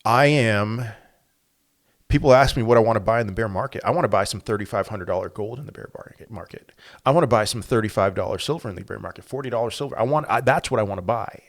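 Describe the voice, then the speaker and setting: Man, crypto channel host, market commentary, animated, rhetorical questions, lowish voice. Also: fast talker.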